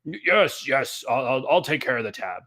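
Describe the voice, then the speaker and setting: A man's voice: mid-range voice, lively intonation, moderate pace, sharp tone. A man doing a stammering nervous mayor. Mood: flustered. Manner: stammering, anxious, pleading. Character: nervous sweating large male town mayor.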